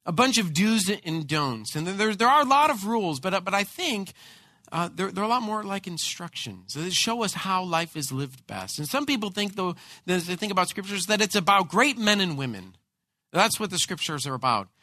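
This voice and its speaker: A man preaching a sermon as pastor, telling a personal story in an animated way with frequent repeated words. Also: sits high, normal speed, no echo.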